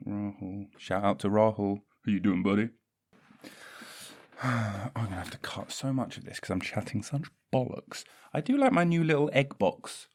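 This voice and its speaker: A man's voice: fairly low pitch, moderate pace, a little mellow. A young man hosting a solo podcast, rambling and self-mocking, with a lot of swearing. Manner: scattered, self-mocking, swears a lot, drifts into silly voices. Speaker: podcast host.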